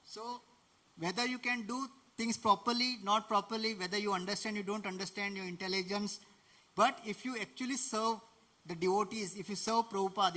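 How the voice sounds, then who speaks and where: A man with an Indian English accent gives a devotional lecture in a conversational teaching manner. His voice sits high and sounds bright and forceful, and he often breaks into laughs and asks his listeners rhetorical questions. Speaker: preacher.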